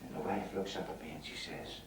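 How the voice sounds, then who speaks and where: An actor playing a crude, cheeky middle-aged club comic from Belfast, with a Northern Irish accent, doing a bawdy stand-up routine on stage. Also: male voice, extremely low pitch, fairly even intonation, fast, over a noisy crowd. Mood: cheeky patter. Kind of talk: 1970s TV drama, stand-up routine. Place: club stage before an audience. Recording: roomy club hall, loud audience.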